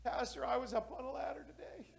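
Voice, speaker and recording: A high-voiced, weeping man begs through his tears, breaking up his words, as a preacher acts him out in a sermon. His voice sits well above the usual and quavers with distress. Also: fairly even intonation, fast, creaky, heavily acted. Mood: tearful pleading. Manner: sobbing, pleading, repeats "Pastor". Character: weeping, distraught grown man, a new churchgoer.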